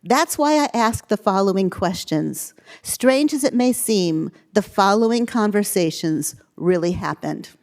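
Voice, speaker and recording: A woman's voice: mid-range voice, animated, measured pace, darkish tone. A middle-aged woman giving a eulogy at a funeral service, reading aloud and laughing as she goes. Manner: amused, laughing through the reading. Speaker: eulogist, daughter of the deceased.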